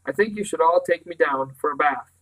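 A man's voice: a little high, brisk, a bit bright, rough recording. A man reading aloud and voicing a firm, curt old great-uncle professor.

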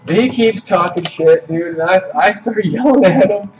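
A man hosting a card break stream, telling a story in a casual, animated way, swearing freely. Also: high-pitched, moderate pace, few pauses, distant mic, muffled recording. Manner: animated, swearing, retells quotes in voices. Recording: off-mic voice with loud music. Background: music playing.

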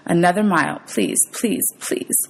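A woman's voice: low-pitched, sing-song, quick pace, gravelly, husky, heavily acted. A woman reading aloud, voicing an anxious mother whose speech is tight and pleading. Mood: urgent. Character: anxious mother, tense and urgent.

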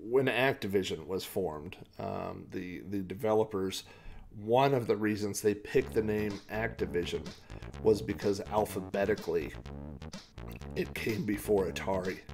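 A podcast host from Oklahoma with a fairly low, gravelly voice gives rambling, hesitant commentary on gameplay, chuckling frequently.

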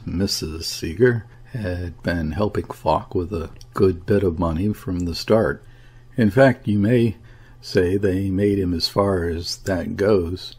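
Storybook hotel keeper, a low husky gossip who leans in and insists, as a male reader puts him on. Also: darkish tone, full character voice.

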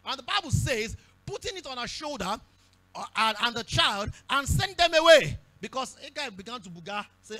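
A man with a Nigerian accent preaching a sermon at a church service, repeating phrases and breaking into shouts. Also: extremely high pitch, very animated, moderate pace. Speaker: pastor.

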